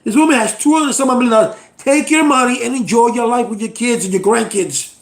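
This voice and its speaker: A man's voice: very high-pitched, quick pace, echoey room. A middle-aged American man, a channel host, delivering a blunt, exasperated political rant straight to camera and swearing freely. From United States.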